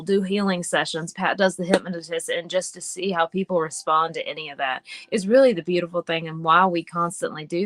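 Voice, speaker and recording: A woman with an Appalachian accent, a guest chatting in a casual interview over a video call, lively and laughing as she tells stories. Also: on the low side, no room sound. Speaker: guest witch and healer.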